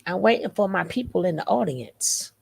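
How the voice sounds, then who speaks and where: A woman's voice: lowish voice, big pitch swings, moderate pace, vocal fry, husky. A woman hosting a live stream in a casual chat style, playful and teasing as she greets viewers by name. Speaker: livestream host.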